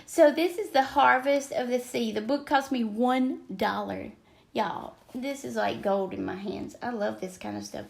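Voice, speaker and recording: A woman's voice: fairly high pitch, creaky. An older woman with a Southern American accent, rambling chattily on a craft livestream and greeting viewers by name. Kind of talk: casual livestream chat. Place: at home craft desk.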